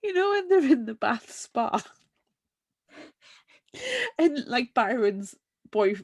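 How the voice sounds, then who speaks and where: A woman's voice: fairly high pitch, sing-song, takes it slowly, a little mellow. A woman co-hosting a podcast in casual book talk, retelling scenes with animation and laughing along. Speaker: podcast co-host.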